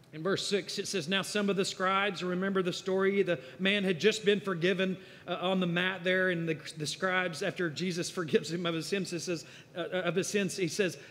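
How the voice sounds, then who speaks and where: A man delivers a sermon in a higher-pitched voice that echoes through a church hall. He talks conversationally, builds to emphatic bursts, then drops low and quiet. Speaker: guest preacher. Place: church sanctuary.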